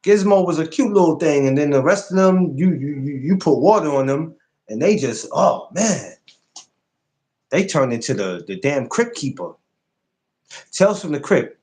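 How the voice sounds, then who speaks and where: A man hosting a live podcast stream, chatting casually and animatedly, swearing freely and jumping up high when he mocks something. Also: animated, normal speed, darkish tone.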